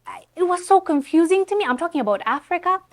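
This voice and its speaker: A woman's voice: very high voice, lively intonation, fast. A woman from Ethiopia with an Ethiopian accent, whose first language is Amharic, speaking earnestly and outspokenly as a guest in a conversational interview. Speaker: guest, Pan-African content creator.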